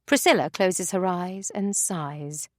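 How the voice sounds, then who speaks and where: A woman narrating an audiobook in an expressive, measured way. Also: lowish voice, dry recording, clean studio sound.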